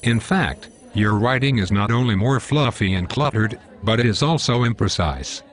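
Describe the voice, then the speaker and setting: A man's voice: fairly low pitch, expressive, moderate pace, natural voice. A male computer voice playing a legal writing coach who corrects plainly and matter-of-factly.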